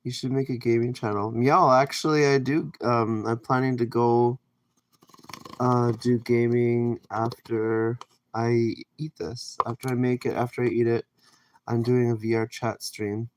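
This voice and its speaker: In an unhurried, level, mid-range voice, a Canadian man cooks in his home kitchen during a live stream, reading viewer comments and rambling through his casual answers. A little hiss or hum is audible.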